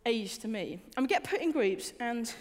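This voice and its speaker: A woman's voice: fairly high pitch, expressive, moderate pace, darkish tone. A young adult woman giving a conversational sermon, informal and personal, often repeating words and asking the listeners questions. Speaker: preacher. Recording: reverberant hall.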